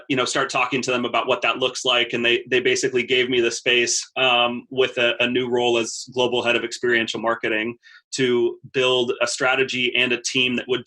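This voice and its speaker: A man in his thirties tells his story as a podcast guest in an easygoing, conversational way. His voice is bright and forward, yet his pitch stays almost level. He often doubles up words while he thinks. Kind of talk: casual interview talk.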